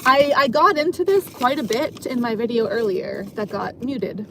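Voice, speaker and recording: A vlogger and dancer sits in her parked car, talking in an animated, rambling monologue at a moderate pace. Her voice is slightly high, she's self-mocking and laughs a lot, and a faint hum lingers in the background.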